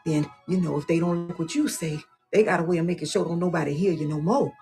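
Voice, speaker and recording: A woman's voice: lowish voice, fast, a little mellow, faint music behind, close to an everyday voice. A woman acting in a comedy skit as a cautious elder woman who warns her friend in folksy, drawling speech. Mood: warning.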